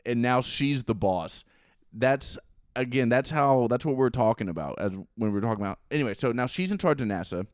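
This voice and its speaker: A man co-hosting a podcast, recapping a film in casual chat with sarcastic, animated jabs and frequent swearing. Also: medium pitch, a little fast, no echo, studio quality. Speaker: podcast co-host.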